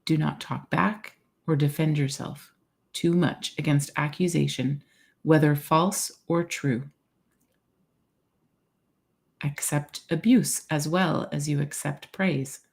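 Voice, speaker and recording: A woman co-hosting a podcast, reading a morning meditation in a calm, measured way. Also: low voice, gravelly.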